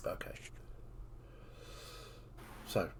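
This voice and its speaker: A man's voice: extremely slow, slight background noise. A man narrating a tabletop game as its game master, in easygoing talk with plenty of fillers.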